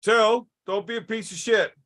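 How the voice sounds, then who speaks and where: A man's voice: high voice, fairly even intonation, normal speed, a loud crowd. A man trading crude, teasing one-liners in casual banter with friends.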